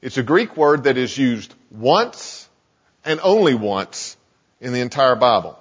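A pastor giving a sermon, earnest and emphatic, often restarting phrases and slowing down to stress key points. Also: male voice, mid-range voice, sing-song. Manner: earnest preaching with many restarts and slow emphasis. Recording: muffled sound with long hall reverb.

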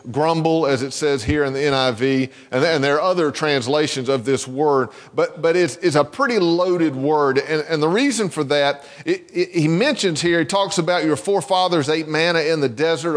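A man's voice: a little high, long reverb tail. A man preaching a sermon in a conversational way, often repeating words and restarting his sentences. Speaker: pastor.

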